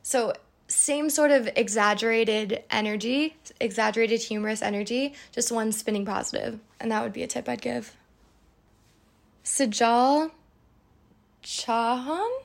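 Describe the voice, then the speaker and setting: A woman's voice: fairly high pitch, gravelly. A young woman hosting a podcast, answering listener questions in a chatty, candid way with playful asides. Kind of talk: casual advice chat.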